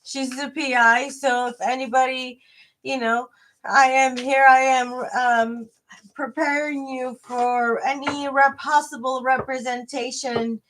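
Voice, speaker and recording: Slow, rambling higher-voiced woman tarot reader. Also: flat delivery, a bit bright, a little hiss or hum. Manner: hesitant, rambling, many fillers and restarts; chatty and friendly with viewers. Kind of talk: live tarot reading.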